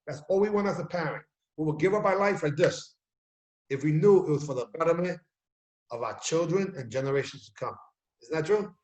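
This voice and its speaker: A man with a fairly high voice tells stories with energy and acts out what people say. He talks in a room with a lot of echo. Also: a little fast. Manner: animated storyteller, acts out quotes. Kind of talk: casual video chat. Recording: echoey room.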